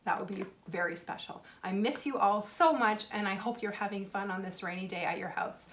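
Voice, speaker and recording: A woman kindergarten teacher giving a video lesson for young children, stretching out words slowly as she sounds them out. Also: mid-range voice, slight background noise. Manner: slow, drawn-out sounding out of words, warm encouraging. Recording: echoey room.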